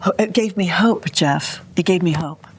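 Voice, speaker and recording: A woman's voice: fairly low pitch, moderate pace, slight background noise. A middle-aged woman, a guest on an interview show, telling a personal story in an earnest, vivid way and often addressing the host. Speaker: guest entrepreneur. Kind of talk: emotional storytelling.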